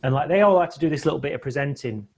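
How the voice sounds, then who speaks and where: A man hosts a relaxed film watch-along, telling stories as he goes. His pitch sits a little above the average for a man. He keeps tossing in tag questions to draw his co-host in. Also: very fast, slightly rough. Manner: chatty, storytelling, tag questions. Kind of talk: casual film commentary chat.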